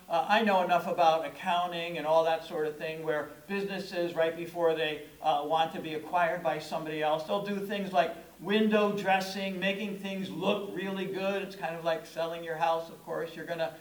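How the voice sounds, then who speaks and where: Middle-aged male pastor, high register, conversational storytelling sermon with emphatic stresses; roomy church echo. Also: steady tone, normal speed, few pauses. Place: church sanctuary. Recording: echoey room.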